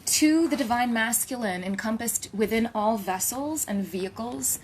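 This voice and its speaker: A woman and spiritual healer giving a channeled message. She talks in a reverent, litany-like way, slips into a hushed whisper at times, and adds playful asides. She is recording at home. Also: fairly high pitch, moderate pace, slight background noise.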